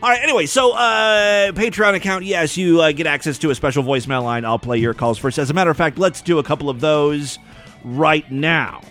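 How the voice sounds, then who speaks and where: A man's voice: on the high side, a little fast, a bit bright, soft background music. A man hosting a crude comedy podcast, talking in an irreverent, rambling, sarcastic way. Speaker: podcast host. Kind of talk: crude comedic news and voicemail show.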